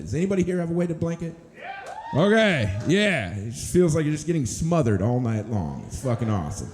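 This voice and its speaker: Married guy doing standup, mellow voice, easygoing rambly storytelling. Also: mid-range voice, big pitch swings, brisk, slight background noise. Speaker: stand-up comedian. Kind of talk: stand-up set. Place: comedy club stage.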